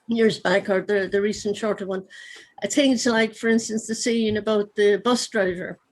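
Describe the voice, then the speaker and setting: A woman's voice: medium pitch, steady tone, normal speed, low-quality recording. A woman with a Cork accent, an author chatting over a video call, rambling with lots of asides. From Ireland. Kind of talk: casual conversation.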